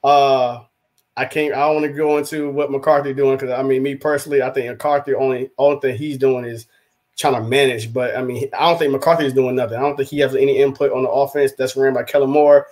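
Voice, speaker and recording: A man's voice: medium pitch, a little fast. A man co-hosting a casual sports talk show, rambling and acting out quotes as he goes. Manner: rambling, animated, acts out quotes. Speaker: podcast co-host, rival team's fan.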